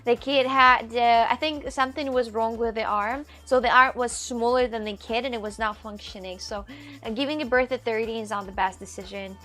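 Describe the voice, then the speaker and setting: A woman's voice: on the high side, fairly even intonation, fairly quick, fairly bright tone. Chatty woman streamer over faint music. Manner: chatty, laughs often, reads viewer comments aloud. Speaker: livestreamer reading chat. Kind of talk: casual live-stream chat. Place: outdoors on a city walk.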